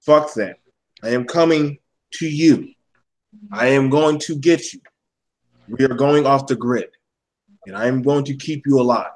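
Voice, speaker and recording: A man's voice: medium pitch, a little slow, long pauses, a little mellow, poor audio. A man in a casual panel discussion, speaking bluntly and heatedly, with plenty of swearing.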